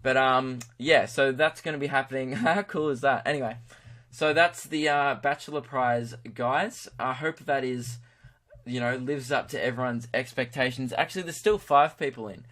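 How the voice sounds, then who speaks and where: A man's voice: medium pitch, normal speed, fairly bright tone. A young Australian man hosting his own podcast, rambling and crude, poking fun at himself. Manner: rambling, crude, self-mocking. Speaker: podcast host. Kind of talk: casual podcast monologue.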